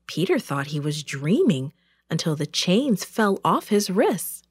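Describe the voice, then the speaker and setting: A woman narrating a children's Bible story in a slow, expressive way. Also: lowish voice, slightly rough, no room sound, studio quality.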